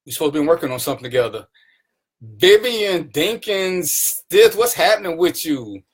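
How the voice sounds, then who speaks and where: A man's voice: on the high side, big pitch swings, very fast, slightly rough. A man hosting his own live stream, greeting viewers by name and teasing them in casual, playful banter. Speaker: livestream talk show host.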